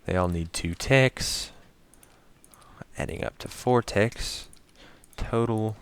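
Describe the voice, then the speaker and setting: Low-voiced guy narrating his minecraft build, slow and mumbly, gravelly but smooth, dry close sound. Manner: talks to himself while building, counting items aloud; explains step by step to his viewers. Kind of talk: casual gameplay commentary.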